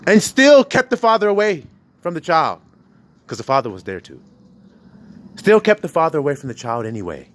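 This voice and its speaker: A man's voice: on the high side, very animated, moderate pace, long pauses, fairly bright tone. A man preaching with passion, bluntly and profanely, firing rhetorical questions at his listeners. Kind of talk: preaching to a congregation.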